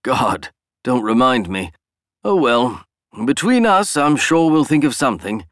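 A man's voice: medium pitch, big pitch swings, a little slow, fairly bright tone, dry recording, studio quality, pitched above the performer's own voice. A man voicing a jovial older official with a hearty manner.

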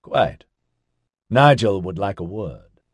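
Brief: man playing a proper, clipped official, low and husky. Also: lively intonation, slow pace, no room sound, clean studio sound, exaggerated voice. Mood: curt.

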